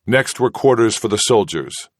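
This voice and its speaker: This audiobook narration comes from a man with a fairly low voice, delivering scripted text at a steady, measured pace. The sound is clean studio quality with no echo.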